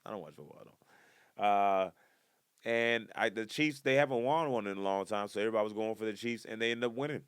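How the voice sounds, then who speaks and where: Male comic podcast host, deep voice, rambling monologue, jumps between topics, sudden loud outbursts. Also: smooth, dry recording, studio quality. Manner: bursts into loud excited outbursts.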